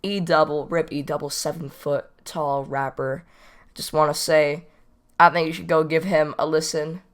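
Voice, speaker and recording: A man's voice: on the high side, normal speed. A teenage boy casually telling a story from school, rambling and repeating himself as he goes. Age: teens. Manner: rambling, repeats "not even kidding". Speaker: storytime vlogger.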